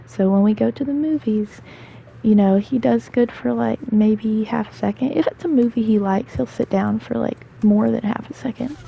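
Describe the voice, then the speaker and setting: Chatty young woman with a gravelly voice. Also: on the high side, moderate pace, highs cut off, slight background noise. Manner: chatty, rambling with fillers and asides. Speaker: gaming storyteller. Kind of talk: casual storytelling while gaming.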